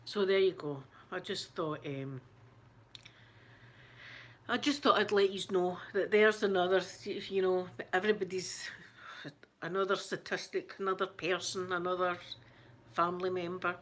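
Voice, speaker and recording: A woman's voice: lowish voice, steady tone, fairly bright tone. A Scottish woman hosting her channel, chatting casually to viewers, shaken and close to tears, stumbling and restarting as she talks. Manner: halting, shaken, many restarts and fillers. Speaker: ASMR channel host. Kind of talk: casual live chat.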